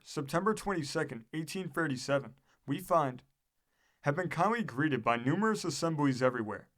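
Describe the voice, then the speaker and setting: A man narrating an audiobook of a historical book, reading in a measured, steady way. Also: on the high side.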